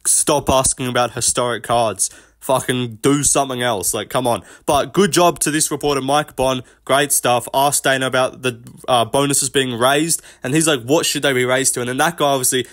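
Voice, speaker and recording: A man's voice: mid-range voice, steady tone, normal speed, fairly bright tone. Blunt, profane man talking fights. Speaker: MMA commentary host. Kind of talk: casual reaction commentary.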